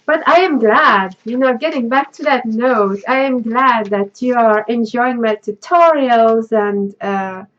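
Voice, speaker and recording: A woman's voice: fairly high pitch, highs cut off. A woman hosting a crafting channel, chatting casually as she opens mail, gushing and laughing often. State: tearful, choked up. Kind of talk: casual unboxing vlog.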